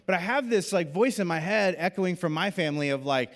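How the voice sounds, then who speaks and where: A man's voice: sits high, brisk. A man preaching a sermon, telling a personal story and acting out the voices of the people in it. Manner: animated storyteller, acts out quoted voices. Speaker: pastor. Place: church auditorium. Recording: long hall reverb.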